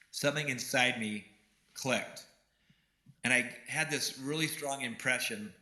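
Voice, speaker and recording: A man's voice: mid-range voice, bright, forceful tone. A man giving a keynote speech and telling a personal story in an earnest way. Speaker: keynote speaker. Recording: roomy hall echo.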